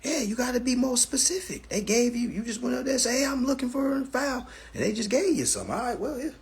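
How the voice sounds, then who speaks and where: A man running a live stream talks fast in a very high-pitched voice that is creaky with a breathy edge. His storytelling and advice are animated, casual and full of profanity, and he often addresses viewers as family.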